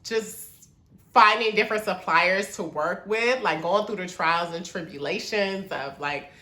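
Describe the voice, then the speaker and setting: Bright-voiced chatty woman vlogging. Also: on the low side, measured pace, reverberant. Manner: chatty, animated, addresses viewers as y'all. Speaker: small business owner. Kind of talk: casual vlog talk to camera.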